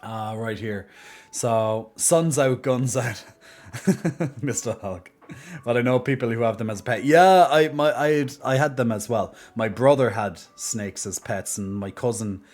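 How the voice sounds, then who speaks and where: Speaking a little slowly in a medium-pitched, darkish voice, a live streamer with a mild Irish accent keeps things casual. He jokes around playfully and laughs a lot.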